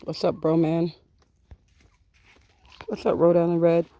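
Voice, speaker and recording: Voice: mid-range voice, monotone, unhurried, dark tone. A backyard chicken keeper filming a casual vlog outdoors in a chicken yard, teasing and chatting playfully with the birds.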